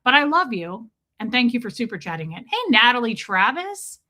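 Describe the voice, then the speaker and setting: A woman hosting a livestream, telling a story in a chatty, animated way while greeting her chat. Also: a little high, fairly quick. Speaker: livestream host.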